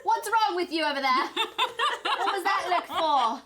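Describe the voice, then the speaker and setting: A woman's voice: very high voice, lively intonation, measured pace, heavy background noise. A woman co-hosting a casual reaction chat, teasing her friends and murmuring agreement. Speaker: co-host reacting to a TV episode.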